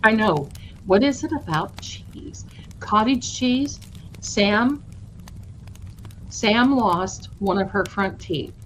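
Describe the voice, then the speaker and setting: Woman hosting a relaxed live stream, warm and talkative, unhurried delivery, faint room noise behind. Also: medium pitch, low-quality recording. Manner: chatty, affectionate, calls viewers my darlings. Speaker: host of a tarot channel livestream. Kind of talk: casual livestream chat.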